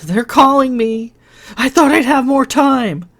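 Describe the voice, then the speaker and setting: A man voicing a passionate, mysterious young woman with an arcane nature, raising his pitch and crying out at her peaks. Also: expressive, takes it slowly. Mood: anguished. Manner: fervent, shouting at peaks.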